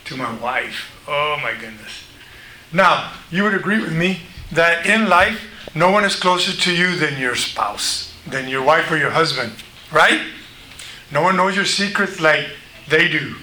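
Bright-voiced man preaching in an echoey room. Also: fairly high pitch, measured pace. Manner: conversational, animated, acts out quoted voices. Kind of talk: sermon. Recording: echoey room, faint noise.

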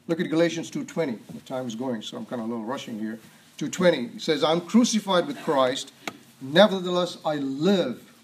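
A man preaching a sermon, reading scripture aloud, asking rhetorical questions and often clearing his throat. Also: on the high side, fairly quick.

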